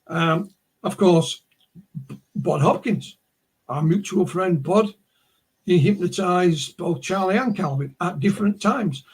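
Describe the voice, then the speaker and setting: A man's voice: high-pitched, takes it slowly, pauses often, husky. A man with a Yorkshire accent, a guest on a video call, telling stories in a rambling way with many restarts. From Yorkshire, England. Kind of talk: casual conversation, storytelling.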